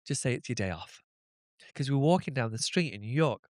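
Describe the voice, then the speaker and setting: A middle-aged man chatting as a podcast guest, animated and fond of acting out the voices in his stories. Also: medium pitch, fairly quick, dry recording, clean studio sound. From Britain. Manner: animated storyteller, acts out quoted voices. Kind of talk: casual chat.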